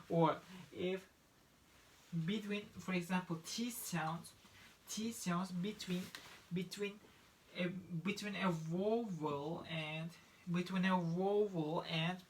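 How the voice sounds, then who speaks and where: A man's voice: high voice, fairly even intonation, slow, pauses often, sharp tone. A man teaching English pronunciation, repeating each example word several times and often restarting his sentences. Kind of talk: pronunciation lesson.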